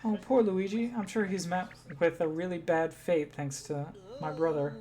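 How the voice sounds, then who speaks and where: A woman's voice: on the low side, steady tone, moderate pace, warm tone, soft background music, close to an everyday voice. Woman reading an earnest game companion. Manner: earnest, chatty, reads lines aloud. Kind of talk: reading game dialogue aloud on stream.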